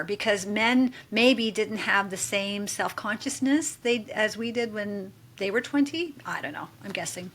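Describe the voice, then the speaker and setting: A woman's voice: medium pitch, a bit bright. Woman podcast co-host, mid 50s, thoughtful and musing, casual chat.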